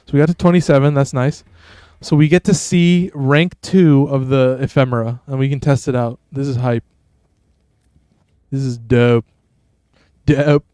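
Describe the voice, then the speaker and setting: Male streamer, laid-back game commentary, smooth voice, dry close mic. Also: mid-range voice, steady tone, moderate pace, mellow, dry recording. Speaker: streamer host. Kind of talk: gameplay commentary.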